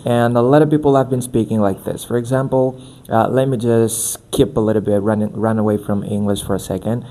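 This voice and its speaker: A man's voice: on the low side, steady tone, a little fast, warm tone. Man explaining as a coach. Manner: explanatory, repeats phrases for emphasis. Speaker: accent coach. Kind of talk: podcast interview.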